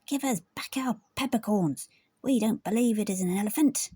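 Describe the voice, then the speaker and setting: A woman's voice: medium pitch, moderate pace, dark tone, slightly rough, no echo, pitched above the performer's own voice, close to an everyday voice. A woman voicing a gang of rude, cheeky little piglets who tease and jeer in a storybook reading. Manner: taunting, jeering calls.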